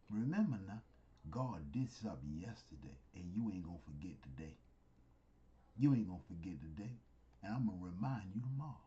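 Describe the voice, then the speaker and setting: A man preaches in a loose, conversational style, circling back to the same phrases. His voice is mellow and a little dark. The sound is slightly dull and lo-fi. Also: fairly low pitch, normal speed. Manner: loose, conversational, repetitive, with sudden whispers and rising exclamations. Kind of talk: informal street sermon.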